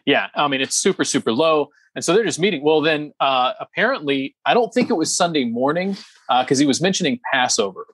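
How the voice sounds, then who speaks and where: Man, podcast co-host, casual chat, slightly high voice, dry close sound, emphatic, lots of ums. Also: animated, fairly quick, a bit bright, breathy edge, no room sound.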